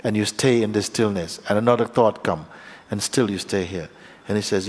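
A man with a fairly low voice gives a spiritual teaching in a reverberant hall. He speaks slowly and reflectively, in plain, simple phrases broken by halting pauses. The long echo of the room trails after each phrase. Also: husky. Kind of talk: satsang talk.

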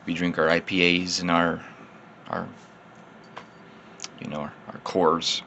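Dude a few beers in, rambling beer review, gravelly voice, faint hiss. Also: male voice, sits low, flat delivery, slow pace, sharp tone. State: slightly tipsy. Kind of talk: casual beer tasting vlog.

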